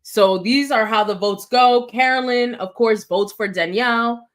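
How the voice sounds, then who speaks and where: A woman co-hosting a podcast, retelling scenes in a quick, animated way and acting out what people said. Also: on the high side. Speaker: podcast co-host. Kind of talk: casual recap chat.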